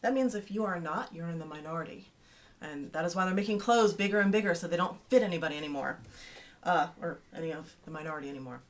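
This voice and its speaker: A woman's voice: on the low side, fast talker. A woman in her thirties hosting a casual video newsletter for her fans, chatty and playful with teasing asides.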